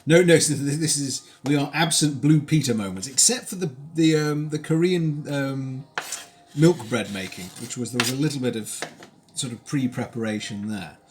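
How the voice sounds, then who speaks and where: This British man has a medium-pitched, slightly mellow voice and a moderate pace, with a little hiss or hum in the recording. Cooking at home on a live stream, he chats wryly and wanders off into tangents and dry asides.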